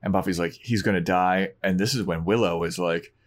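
A man co-hosting a casual podcast, retelling a TV episode and acting out the characters' lines in quick bursts. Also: low voice. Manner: animated retelling, acts out quoted lines. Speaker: podcast co-host. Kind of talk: casual chat recapping a TV episode.

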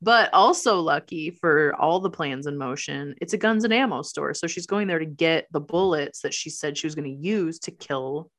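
A woman's voice: sits low, normal speed, few pauses, fairly bright tone. A woman in casual chat, animatedly retelling a movie plot and acting out quotes. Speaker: podcast co-host recapping a movie.

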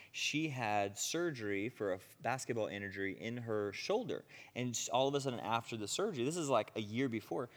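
A male preacher tells his testimony in an animated way, acting out what people said and laughing along. His mid-pitched voice rings out with a long reverb tail from a large hall. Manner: animated, acts out quotes, laughs often. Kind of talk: testimony sermon storytelling.

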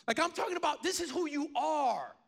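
A man in his forties preaching a sermon as pastor, telling a story with lively restarts and repeated words. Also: very high voice, brisk, gravelly. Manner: animated storytelling with many restarts.

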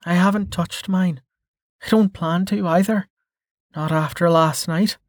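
A man's voice: sits high, fairly even intonation, unhurried, dry recording, pitched above the performer's own voice. A man voicing a blunt, dry young woman fighter. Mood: matter-of-fact. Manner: dry, matter-of-fact and teasing.

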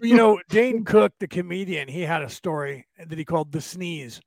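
A man's voice: high voice, moderate pace, gravelly, no echo. A man hosting a podcast, telling stories in a rambling casual way and checking in with "right?" a lot. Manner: rambling storyteller, keeps adding "right?". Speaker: podcast host. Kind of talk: casual chat. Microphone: camera.

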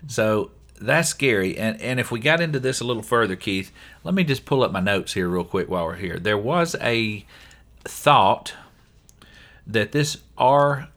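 A Southern-accented man co-hosting a podcast, talking in a loose, chatty way. His voice sits a little low. He keeps turning to his co-host by name. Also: expressive, unhurried, a bit bright. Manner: chatty, often says his co-host's name. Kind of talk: casual podcast chat.

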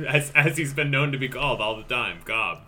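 A man's voice: medium pitch, lively intonation, a little fast, pushed and bright. A man chatting casually on a podcast, laid-back and tossing out dry wisecracks. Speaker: podcast co-host.

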